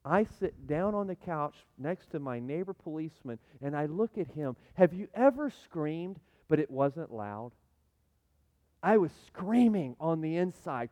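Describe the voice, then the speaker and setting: Middle-aged male pastor, high voice, dramatic sermon storytelling with big swings in loudness, long hall reverb. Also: sing-song, a little slow, lo-fi sound. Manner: storytelling, swings from hushed to near shouting; dramatic re-enactment of his own cries.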